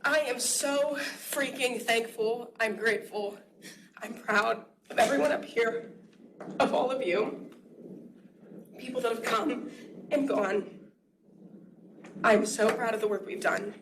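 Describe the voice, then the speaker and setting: A woman's voice: fairly high pitch, takes it slowly, long pauses. A young woman in student government giving a heartfelt, tearful farewell speech at a meeting, laughing between lines. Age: young adult. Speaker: student government vice president. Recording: noisy room recording.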